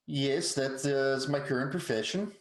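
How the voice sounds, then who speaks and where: A man plays at a tabletop game and speaks dryly, with halting restarts. His voice sits mid-range. His mic picks up a roomy echo. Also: mid-range voice. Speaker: player. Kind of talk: casual chat at a tabletop game.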